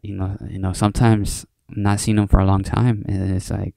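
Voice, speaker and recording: Low gravelly man rambling casually. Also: level tone, normal speed, warm tone, dry recording. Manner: rambling, heavy swearing, many fillers. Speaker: podcast host. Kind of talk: casual solo monologue.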